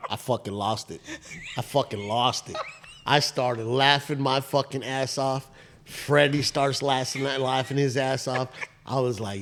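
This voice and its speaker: There's a faint hiss or hum behind this mid-range male voice at a moderate pace. He's a podcast co-host spinning a funny, profanity-laced story in casual chat, animated and laughing at himself.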